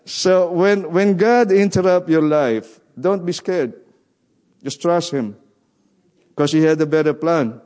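A man's voice: a little high, takes it slowly, a little mellow. Earnest man preaching a sermon. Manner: earnest, repeats key phrases, non-native grammar. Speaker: guest preacher.

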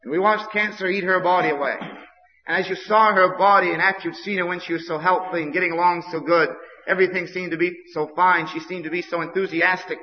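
A man's voice: high voice, fairly even intonation, fast talker. A man from Maine, preaching a sermon in a repetitive, impassioned way that builds to outbursts. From Maine, USA. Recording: dull old recording with long hall reverb.

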